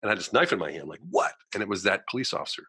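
A man, a guest in a conversation, telling a personal story in an animated way, acting out the voices of people he quotes and using lots of "you know" fillers. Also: deep voice, very fast, breathy edge, no room sound.

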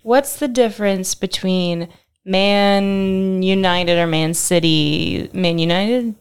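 Smooth-voiced giggly woman co-host. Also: mid-range voice. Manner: giggly, hesitant, halting. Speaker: podcast producer and co-host. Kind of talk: casual chat.

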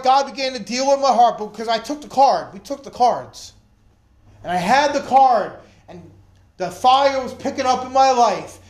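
A man preaching a sermon, telling his own story in an animated way and acting out the voices he quotes. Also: sits high, roomy sound. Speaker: preacher giving testimony. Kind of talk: sermon testimony.

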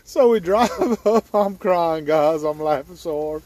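A man's voice: on the high side, takes it slowly, darkish tone, no echo. A man, hosting a hunting video and telling a story outdoors with frequent laughter. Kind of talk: casual storytelling. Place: outdoors at a boat launch before dawn.

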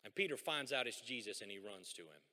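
A man preaching a sermon as a pastor, animated and conversational, with folksy asides. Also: fairly low pitch, quick pace. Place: church sanctuary. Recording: long hall reverb.

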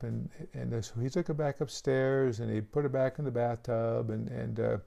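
A man preaching a sermon in a gravelly voice at a middle pitch. His tone is dark and mellow, and he pleads earnestly with his listeners. He restarts his phrases often as he talks. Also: steady tone, normal speed, hardly any pauses. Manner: earnest, pleading altar call with frequent restarts. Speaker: pastor.

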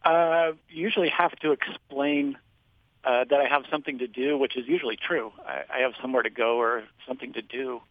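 A man's voice: medium pitch, steady tone, a little fast, no echo. A man calling in to a radio show, speaking hesitantly over a phone line. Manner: hesitant, with restarts and "uh"s. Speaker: caller. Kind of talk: casual chat.

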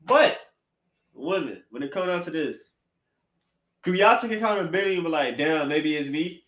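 A man hosting a casual podcast chat, animated and slangy, swinging between loud bursts and quiet asides. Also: fairly high pitch, moderate pace. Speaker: podcast host. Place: apartment room. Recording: echoey room.

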